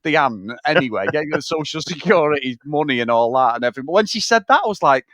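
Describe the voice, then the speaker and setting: A man's voice: on the high side, lively intonation, quick pace, fairly bright tone, no room sound. Sweary chatty man. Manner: sweary, rambling retellings of scenes. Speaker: podcast co-host. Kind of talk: casual film chat.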